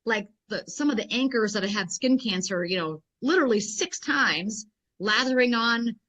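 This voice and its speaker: A woman guest in an interview, a health and fitness professional telling stories in a rambling, animated way full of fillers. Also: fairly high pitch, moderate pace. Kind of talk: casual interview storytelling.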